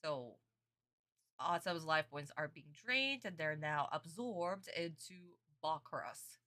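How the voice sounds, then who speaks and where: This young adult woman streamer has a low, animated voice that comes out pushed and bright, and she takes her time. Reacting casually to a cartoon episode, she calls her viewers sweeties and honey and talks back to their chat comments.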